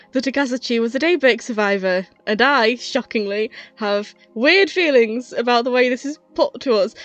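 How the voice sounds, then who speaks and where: A woman's voice: fairly high pitch, dry recording. Breathless, chatty woman reviewer. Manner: chatty and enthusiastic, laughs often. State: slightly out of breath. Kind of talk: casual retrospective review.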